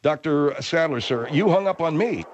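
A man hosting a comedic radio talk show, exasperated and deadpan with his guests. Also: fairly high pitch, normal speed, highs cut off, background noise.

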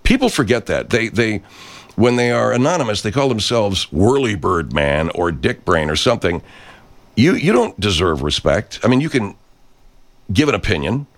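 A man's voice: lowish voice, very animated, normal speed. A man hosting a show, ranting in a brash, foul-mouthed, rambling monologue. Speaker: host. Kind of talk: profane rant monologue.

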